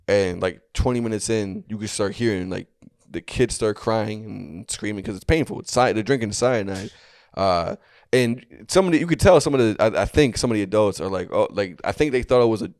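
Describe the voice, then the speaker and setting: A young man telling a story on a comedy podcast, rambling along with many fillers and restarts. His voice sits low. It is recorded dry and close on a podcast mic. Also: a little mellow, smooth, dry recording.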